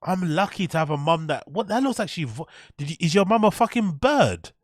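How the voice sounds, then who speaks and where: A man's voice: high-pitched, very animated, fairly quick, dry recording, clean studio sound. Incredulous, sweary man reacting to clips. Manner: mocking, incredulous, sweary rants. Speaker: host. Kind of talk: reaction commentary.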